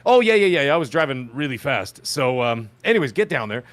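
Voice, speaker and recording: A man hosting a podcast, telling a long personal story in casual chat and acting out the people he quotes. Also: a little fast. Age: adult with children. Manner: animated, acts out quoted voices with pitch jumps. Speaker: podcast host.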